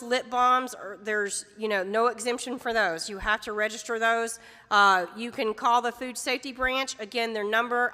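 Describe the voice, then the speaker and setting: A chatty woman gives a casual workshop talk to a room of producers. Her voice is fairly high and bright, and it rings with a long, echoey reverb from a large hall. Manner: chatty, folksy, with many fillers and asides. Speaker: extension presenter on food labeling.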